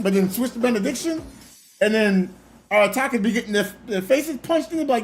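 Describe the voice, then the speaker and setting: A man chatting casually on a gaming live stream, telling stories in an animated way and laughing often. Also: very high voice, fairly quick, faint music behind. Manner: animated storytelling with frequent laughs.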